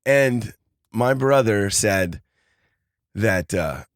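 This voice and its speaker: Deep-voiced man telling a story. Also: drawn-out words, dry recording, studio quality. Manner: animated storyteller acting out quoted voices. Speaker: podcast guest. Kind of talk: casual storytelling.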